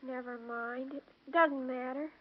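A touchy, earnest young fiancée stammers hesitantly in a very high voice. The old radio recording is dull. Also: female voice, steady tone, takes it slowly. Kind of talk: 1940s radio acting.

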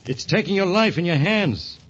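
A husky, wisecracking police inspector. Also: male voice, high-pitched, big pitch swings, normal speed, a bit bright, full character voice. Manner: gruff, folksy slang. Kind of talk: 1940s radio acting. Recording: dull lo-fi old radio recording.

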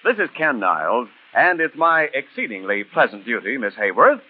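A man's voice: mid-range voice, very animated, normal speed, slight background noise. A middle-aged man announcing in polished, jovial 1940s radio style. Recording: tinny 1940s radio broadcast, faint music.

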